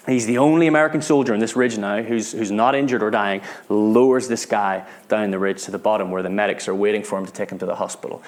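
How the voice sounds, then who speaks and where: A British man preaching a sermon, retelling a story with earnest feeling, often repeating words and dropping to a hush at tense moments. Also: medium pitch. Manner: earnest, repeats words, drops to hushed tones at dramatic moments.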